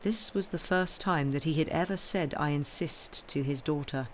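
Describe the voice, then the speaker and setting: A woman reading a classic novel aloud on a live stream, in a steady, measured storytelling voice with the odd small restart. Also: low voice, a little hiss or hum. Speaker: reader. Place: home streaming setup.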